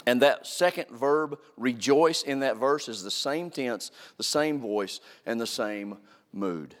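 A man's voice: mid-range voice, takes it slowly. A man preaching a sermon as a pastor, earnest and emphatic, repeating phrases to drive a point home. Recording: long reverb of a large hall.

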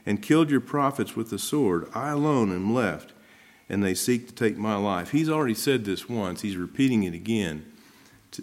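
Brief: middle-aged male pastor, slightly low voice, reads scripture then explains it in plain chatty terms. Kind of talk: sermon.

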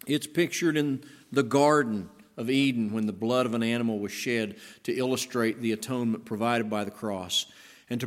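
A male pastor delivering a sermon with an even, mid-pitched voice. He leans hard into his emphatic lines and then drops to slow, hushed phrases to stress key words. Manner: emphatic, dynamic delivery with rising and hushed passages.

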